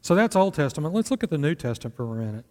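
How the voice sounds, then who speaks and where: A man's voice: on the high side, very animated, rapid-fire, darkish tone. Conversational male pastor in a reverberant hall. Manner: conversational, asks the congregation rhetorical questions. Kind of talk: sermon.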